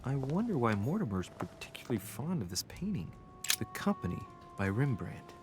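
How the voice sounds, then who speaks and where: A man's voice: mid-range voice, big pitch swings, normal speed, music in the background, close to an everyday voice. An actor playing a wry young male nobleman in a video game, commenting on paintings with dry asides.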